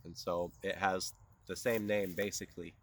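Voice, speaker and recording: A man's voice: low-pitched, flat delivery, moderate pace, fairly bright tone. A man presenting a tutorial outdoors at a plant patch, explaining step by step in an easygoing way. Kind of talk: casual outdoor teaching.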